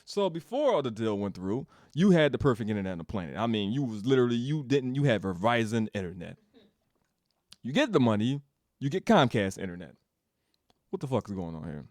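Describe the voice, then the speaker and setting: Animated, laughing man telling a story. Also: medium pitch, fairly quick, no room sound, studio quality. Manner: animated, laughs often, swears, repeats himself. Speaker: game studio developer giving an update. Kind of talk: casual storytelling rant.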